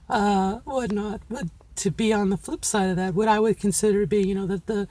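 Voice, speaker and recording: A woman's voice: mid-range voice, a little fast, few pauses, dark tone. A middle-aged woman talking candidly to viewers in a casual vlog, using a feminine voice she has trained and places with care. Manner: candid and self-encouraging, talking straight to viewers. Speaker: vlogger. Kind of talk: casual reflective monologue.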